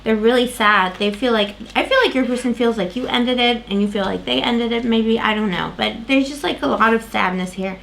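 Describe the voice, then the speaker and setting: Tarot lady kinda hoarse, rambly, lots of ums, slightly high voice, faint hiss behind. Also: fairly quick, few pauses, fairly bright tone. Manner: rambling, full of fillers and restarts. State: losing her voice. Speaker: tarot reader. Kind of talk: tarot reading to camera.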